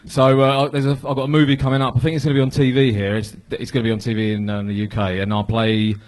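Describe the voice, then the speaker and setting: A man's voice: medium pitch, completely flat delivery, fast talker. Hesitant chatty man. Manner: hesitant, chatty, self-correcting. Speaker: guest comic and actor. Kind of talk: casual onstage chat. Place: comedy club stage, live audience.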